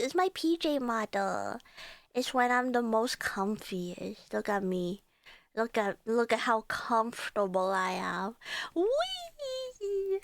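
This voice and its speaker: A woman's voice: high voice, a bit bright, no room sound. A young woman streamer chatting casually with her live viewers, laughing often and greeting chat by name.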